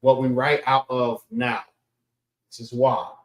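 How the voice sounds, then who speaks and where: A class instructor lectures casually over an online call, keeping things loose and asking "all right" over and over to make sure listeners are with him. He speaks slowly in a flat, mid-range voice. The poor audio picks up an echoey room.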